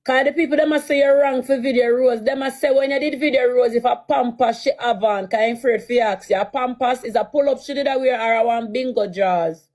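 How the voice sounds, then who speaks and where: A woman's voice: on the high side, a little fast, few pauses, a little mellow. A Jamaican woman casually explaining what happened, often repeating herself as she tells it. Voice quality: repetitive, storytelling.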